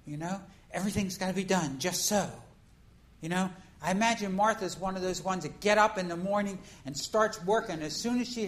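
A woman preacher delivers a conversational sermon, animatedly telling a story and acting out its scenes. Her voice is medium in pitch, and the recording is rough.

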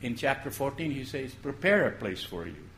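A man preaching a sermon in a gentle storytelling way, posing questions and then dropping his voice to make a point. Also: mid-range voice, sing-song, moderate pace, a little hiss or hum. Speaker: pastor.

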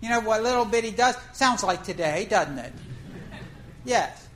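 A woman's voice: a little high, expressive, normal speed, a bit bright, slight background noise, low-quality recording. Folksy woman preaching a story sermon. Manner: folksy and conversational, asks the congregation questions.

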